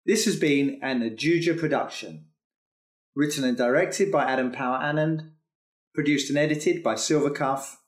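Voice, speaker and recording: A man reading the closing credits of an audio drama in a plain, even way. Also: on the high side, moderate pace. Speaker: credits announcer. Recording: roomy echo.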